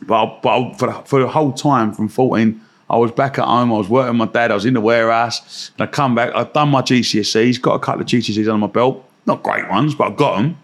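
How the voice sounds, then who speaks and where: Young guy telling a story, acts out all the voices, mid pitch. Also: fast talker. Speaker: guest. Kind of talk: anecdotal storytelling.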